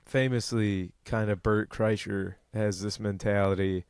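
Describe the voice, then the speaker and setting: A man's voice: on the low side, fairly even intonation, measured pace, clean tone, dry recording, clean studio sound. A man co-hosting a comedy podcast, trading profane jokes and laughing often in casual banter. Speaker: podcast co-host.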